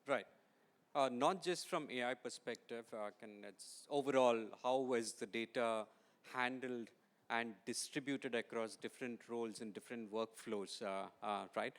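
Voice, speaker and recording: Man, panelist. Measured answers, many fillers, smooth clear tone. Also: mid-range voice, steady tone. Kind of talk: panel discussion.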